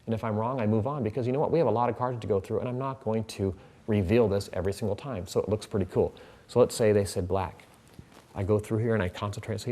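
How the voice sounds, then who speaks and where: A man's voice: on the low side, quick pace, dark tone. A man teaching a card trick in a casual tutorial, chatting as he handles the cards.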